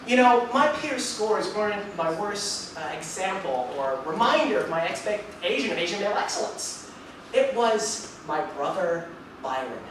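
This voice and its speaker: Man, 20s, one-man stage monologue, animated storyteller, distant mic, echoey live room with audience noise. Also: high voice, normal speed. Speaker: solo stage performer.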